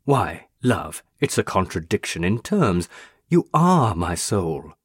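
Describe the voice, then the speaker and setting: A man voicing a young female ghost, a burned witch, speaking in a pleading, tender and intense way with a husky voice. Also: sits low, big pitch swings, slow, no echo, clean studio sound, full character voice.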